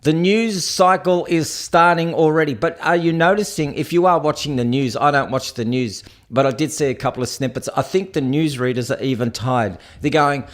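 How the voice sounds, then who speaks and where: Australian male streamer, rambling and crude, slightly higher voice, loose casual delivery. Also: moderate pace, hardly any pauses. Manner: blunt, crude and rambling with many fillers. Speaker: streamer host. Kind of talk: casual rambling livestream chat.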